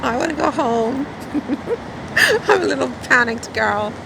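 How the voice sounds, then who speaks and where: A woman's voice: high voice, normal speed, creaky. A woman in her fifties, rambling in a casual vlog with lots of fillers and self-mocking asides, a little anxious as she walks. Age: 50s. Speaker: vlogger. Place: city street at night. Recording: outdoor street noise. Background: traffic and street noise.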